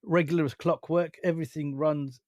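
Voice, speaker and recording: A man's voice: a little high, steady tone, a little fast, darkish tone, no echo, studio quality. A man co-hosting a podcast, chatting in a cheerful, upbeat way. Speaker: podcast co-host. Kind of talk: casual chat.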